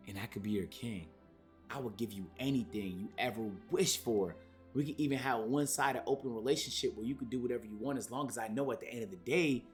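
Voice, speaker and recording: A man's voice: lowish voice, natural voice. A male streamer reading aloud, voicing a clingy, obsessed male superfan with pleading, overwrought delivery. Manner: pleading, overwrought, then shouting in anger.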